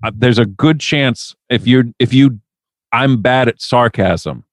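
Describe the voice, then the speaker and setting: Man, podcast co-host, casual sarcastic riffing, swears a lot, mid pitch, dry sound. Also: a little slow, no room sound. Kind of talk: casual chat.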